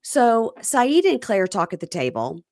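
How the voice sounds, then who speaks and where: A woman hosting a podcast, recapping reality TV in casual chat and acting out quotes with big swings in pitch. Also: huge pitch swings, a little slow, darkish tone, no room sound, clean studio sound.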